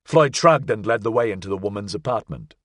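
A man narrating an audiobook in a measured, expressive way. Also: lowish voice, no room sound, studio quality. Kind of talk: scripted narration.

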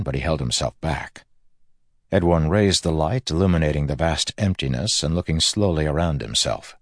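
A man narrating a fantasy audiobook in a measured, grave manner. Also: rumbling low, breathy edge, no echo, clean studio sound.

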